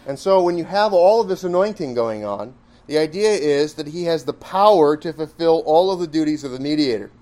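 A man teaching a classroom Bible lesson in a conversational, emphatic way, full of rhetorical questions and quick asides. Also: on the high side, animated, dark tone.

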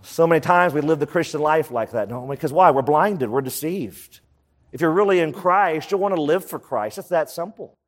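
A man preaching a sermon as pastor, animated, with many rhetorical questions. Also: on the high side, long reverb tail.

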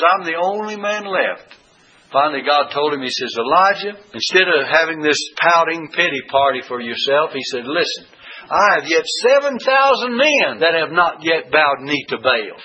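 A man delivers a folksy sermon, retelling scripture stories with plenty of pauses and fillers. His voice is husky with a bright, forceful edge. The recording sounds dull and lo-fi. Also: medium pitch. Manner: folksy storytelling with frequent uh fillers. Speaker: preacher.

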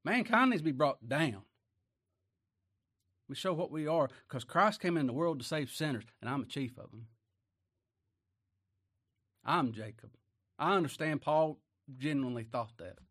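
Folksy preacher swinging loud and low. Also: male voice, lively intonation, measured pace, pauses often. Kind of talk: sermon.

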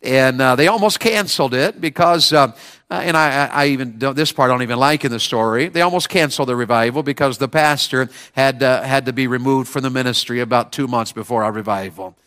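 A man preaching a sermon, telling stories in a folksy way with rising bursts of excitement. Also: medium pitch, brisk. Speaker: evangelist preacher.

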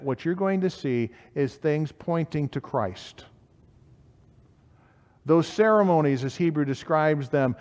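A man's voice: fairly high pitch, a little mellow. Preaching man with echoey hall sound. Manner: reads scripture aloud in King James wording, asks questions of listeners. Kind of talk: sermon.

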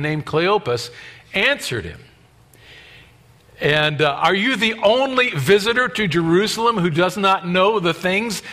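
A man preaching a sermon in an animated way, acting out the voices of the people in the passage. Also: on the high side. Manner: animated, acts out scripture voices. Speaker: pastor.

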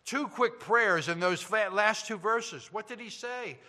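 Slow, bright-voiced male preacher in a hall. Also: high-pitched. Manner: preaching with dramatic swings between loud emphasis and hushed tones. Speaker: pastor. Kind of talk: sermon.

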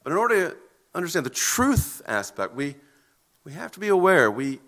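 High, forceful preacher man. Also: very animated. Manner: earnest, emphatic preaching with deliberate pauses. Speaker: pastor. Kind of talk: sermon.

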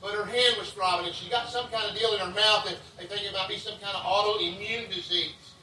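A man's voice: sits high, steady tone, fairly quick, pushed and bright, roomy sound, far from the mic, a little hiss or hum, rough recording. A man preaching a revival sermon in a folksy, repetitive way, leading the crowd to say lines back to him. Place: revival tent.

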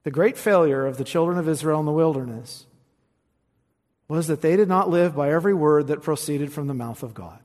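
A man preaching a sermon, reading scripture with emphasis and rising high on the quoted verses. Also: brisk, a little mellow. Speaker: pastor. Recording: long reverb of a large hall.

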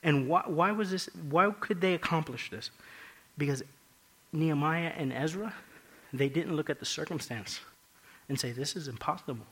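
Bright-voiced preacher man, hushed to loud. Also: fairly high pitch, moderate pace, pauses often, rough recording. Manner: emphatic, swings between hushed and loud; repeats phrases for emphasis. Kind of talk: sermon.

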